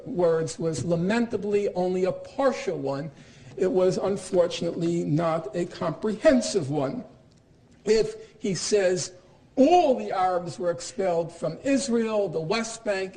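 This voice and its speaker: A man's voice: high voice, a little mellow, low-quality recording. A man in his sixties giving a public lecture, emphatic and dryly sarcastic, with frequent fillers and restarts. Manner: emphatic, quotes opponents with sarcasm.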